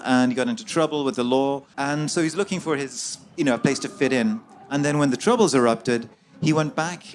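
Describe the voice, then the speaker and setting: A man's voice: on the high side, slight background noise. A man, an author guest in an interview, recounting a story at length with many fillers and restarts.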